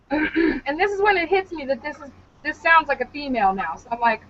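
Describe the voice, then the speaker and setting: A woman with a high voice, co-hosting a podcast, tells a wild story at a moderate pace. She's animated and profane and laughs a lot in this casual comedic storytelling. The podcast audio sounds dull and lo-fi.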